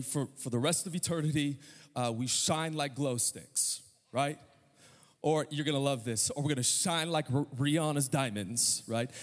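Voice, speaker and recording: A male pastor preaching an emphatic sermon, asking his congregation rhetorical questions. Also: medium pitch. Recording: long hall reverb.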